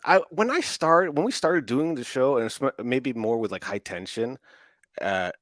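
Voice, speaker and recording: A man co-hosting a casual podcast, relaxed and rambling, restarting his sentences often. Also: mid-range voice, moderate pace, no echo. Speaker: podcast co-host and audio editor.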